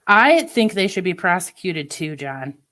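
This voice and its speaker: A woman's voice: fairly low pitch, sing-song, unhurried, fairly bright tone. A woman livestreamer in casual chat with her viewers, venting opinions in a chatty way. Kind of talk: casual live-stream chat.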